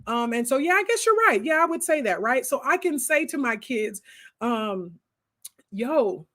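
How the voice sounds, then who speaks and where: A woman hosts a relaxed homeschooling chat, talking right to her viewers. Her voice sits a little high, and she drifts into frequent side remarks and jokes. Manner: animated, talks straight to viewers with many asides. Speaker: homeschooling host answering viewer comments. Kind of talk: casual livestream chat.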